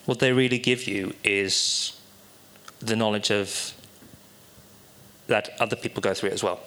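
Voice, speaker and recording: Bright-voiced man doing a confessional set. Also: on the low side, fairly even intonation. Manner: halting, confessional, darkly joking with audience. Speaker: stand-up performer. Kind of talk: stand-up tragedy set. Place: small live comedy venue.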